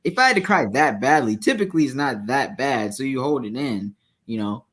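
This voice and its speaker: A man co-hosting a podcast in casual chat, speaking in a measured, earnest way. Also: medium pitch, lively intonation, a bit bright, slightly rough. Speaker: podcast co-host.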